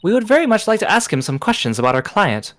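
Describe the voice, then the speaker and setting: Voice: medium pitch, big pitch swings, fast, fairly bright tone. A streamer reading the lines of a polite young female assistant in a formal manner.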